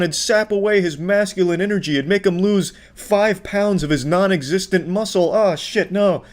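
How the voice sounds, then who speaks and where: A man's voice: high voice, normal speed, few pauses. A man giving sarcastic, profane reaction commentary on clips. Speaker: commentary host.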